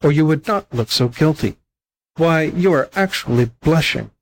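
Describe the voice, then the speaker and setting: A man's voice: mid-range voice, expressive, a little slow, darkish tone, poor audio. A man doing a plaintive little hen sparrow. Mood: accusing. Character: meek, kind female hen sparrow.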